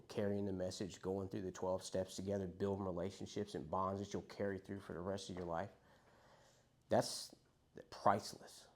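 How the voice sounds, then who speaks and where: Young guy sharing his recovery story, lowish voice, swears a lot, just talking to the group. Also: a little mellow. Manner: candid, profane, conversational storytelling. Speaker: recovery speaker.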